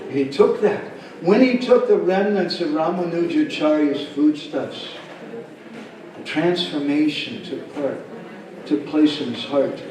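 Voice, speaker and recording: A man's voice: on the high side, a little slow, background noise. A man at a devotional camp telling a story and acting out its characters. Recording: echoey hall, speaker far from mic.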